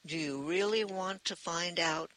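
A man's voice: high voice, a little slow, sharp tone. A man voicing an insolent, defiant Russian crewman who snarls.

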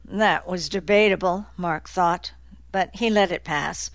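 A woman narrating an audiobook in a measured, deliberate way. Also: fairly low pitch, no room sound. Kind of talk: scripted narration.

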